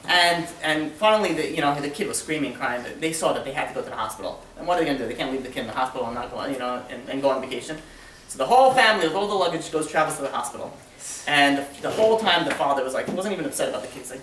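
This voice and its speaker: A man, a rabbi, telling a story in a Torah class and acting out its characters with lively voices. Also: a little high, fast talker. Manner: animated, acts out characters in a story. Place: community center classroom. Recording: echoey room, distant mic, background noise.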